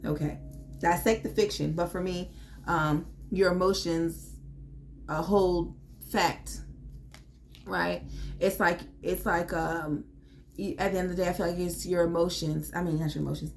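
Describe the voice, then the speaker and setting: A woman's voice: on the low side, steady tone, measured pace, gravelly, slight background noise. A woman giving a casual tarot reading in a blunt, emphatic way, swearing freely as she urges her listeners on. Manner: blunt and profane; emphatic, pep-talk delivery. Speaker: tarot reader.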